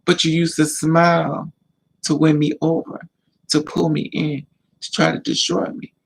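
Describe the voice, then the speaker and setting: A man vlogging life advice, hammering his points home through repetition. His voice is gravelly and a little husky, and it sits fairly high for a man. The delivery stays casual but has the insistence of a sermon. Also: level tone, a little slow, low-quality recording. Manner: emphatic, repetitive, preachy. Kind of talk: casual advice monologue to camera.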